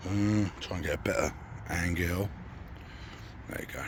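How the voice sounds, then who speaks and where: A lowish, slightly croaky male voice, still recovering from a cough. He chats easily by a lakeside, quizzing his mate and narrating the catch in casual commentary. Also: normal speed, noisy background. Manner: banters and asks questions. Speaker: angler and channel host. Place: lakeside outdoors.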